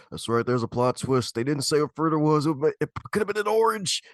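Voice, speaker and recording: A man's voice: a little high, big pitch swings, moderate pace, dry recording. A man hosting a casual podcast interview, laughing often and repeating playful catchphrases. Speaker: podcast host.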